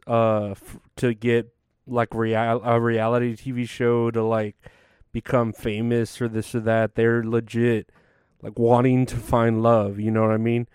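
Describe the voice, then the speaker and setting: Tired young man, slow rambling talk, smooth voice, dry close sound. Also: medium pitch, darkish tone, dry recording. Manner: tired, rambling, many fillers and restarts. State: sleepy, yawning. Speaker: vlogger. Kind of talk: casual rambling monologue.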